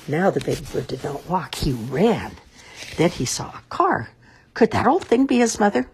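A woman reading a children's story aloud in an expressive, sing-song storybook manner. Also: deep voice, normal speed, slight background noise.

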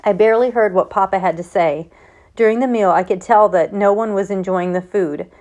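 A woman reading a novel aloud in first person, in a steady way with small stumbles and self-corrections. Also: medium pitch, fairly quick. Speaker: audiobook reader.

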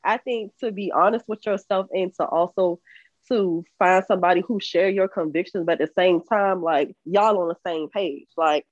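This podcast co-host is a woman whose voice sits on the low side, moving at a moderate pace without echo. Her casual talk is candid and earnest, punctuated by laughs between points, and the audio is slightly dull and muffled.

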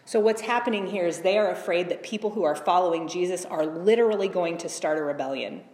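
A woman's voice: on the low side, quick pace. Woman preaching in an echoey hall. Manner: expressive scripture reading with asides. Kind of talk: sermon reading with commentary.

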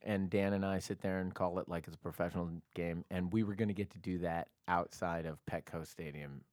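Rambling low-voiced man, dry sound. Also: fairly even intonation, brisk, a little mellow, no room sound. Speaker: podcast co-host. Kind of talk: casual chat.

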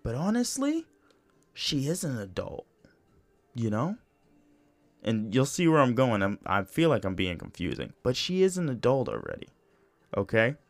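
A man's voice: medium pitch, wildly swooping pitch, moderate pace, vocal fry, long pauses, dry recording. A young man hosting a solo podcast, talking casually in a rambling, profane way with lots of "you know" and restarts. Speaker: podcast host.

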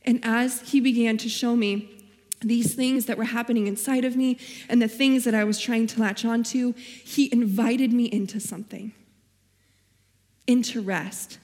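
A woman's voice: a little high, fairly even intonation, moderate pace, a little mellow. Earnest woman preaching in a hall. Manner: earnest, personal storytelling with Bible quotes. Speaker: guest speaker. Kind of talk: sermon.

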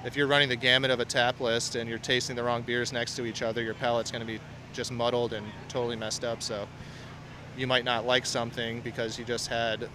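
A man interviewed outdoors, explaining something he knows well. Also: medium pitch. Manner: knowledgeable, explaining. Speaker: interview guest. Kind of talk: interview answer. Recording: outdoor street noise. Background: passing cars.

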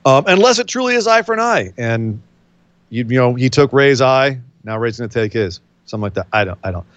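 A man co-hosting a casual wrestling predictions chat, rambling and animated, full of jokes and quick asides. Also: medium pitch, dry recording, dull audio. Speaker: podcast co-host.

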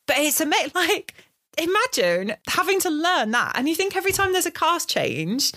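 A woman's voice: extremely high pitch, big pitch swings, moderate pace, bright, forceful tone. A woman co-hosting a podcast in casual chat, chatty and wry with joking asides. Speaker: podcast co-host.

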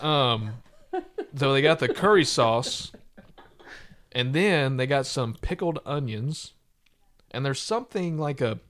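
A man's voice: medium pitch, fairly bright tone. A man from the United States hosting a casual podcast chat, rambling and joking with frequent laughs. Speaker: podcast host.

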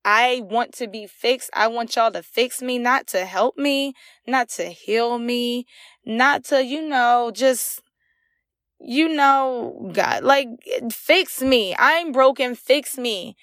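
A woman's voice: a little high, takes it slowly, fairly bright tone, no echo, studio quality. A young woman hosting a solo podcast, telling a raw, emotional personal story with many fillers. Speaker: podcast host. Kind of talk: candid solo podcast monologue.

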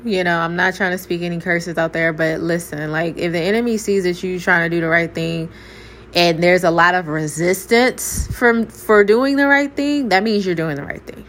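A young woman speaks candidly to her viewers and preaches a little as she shares her faith. Her voice sits slightly low. A faint hiss runs behind her. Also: moderate pace. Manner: candid, preachy, talks straight to her audience. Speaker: faith vlogger. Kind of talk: casual faith testimony to viewers. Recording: faint background noise.

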